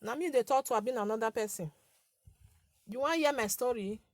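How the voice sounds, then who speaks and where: Hosting a live chat for her page's followers, this woman in her forties talks briskly with a Nigerian accent and a slightly high, light, girlish voice. Her casual manner mixes chatter and scolding, with repetition and frequent laughter. The audio is studio quality, free of echo.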